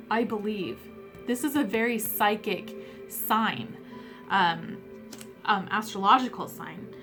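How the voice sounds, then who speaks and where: Emotional woman giving a slow tarot reading. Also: mid-range voice. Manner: emotional, hesitant, many fillers, voices spirit messages softly. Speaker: tarot card reader. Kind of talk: pick-a-card tarot reading.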